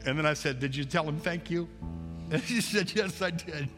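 A man's voice: a little high, moderate pace, in a large hall, over music. A middle-aged man, a pastor, preaching a conversational sermon that repeats phrases and acts out prayers. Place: church sanctuary.

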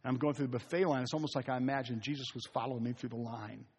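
A man's voice: medium pitch, steady tone, very fast, a little mellow, slightly rough. A man preaching a conversational sermon, repeating key phrases for emphasis. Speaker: pastor. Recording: long hall reverb.

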